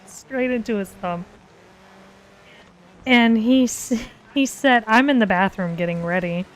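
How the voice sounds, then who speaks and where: A woman's voice: fairly high pitch, measured pace, a little hiss or hum. A young woman casually telling a story on a live stream, laughing often as she talks. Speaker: co-host of art and gaming stream.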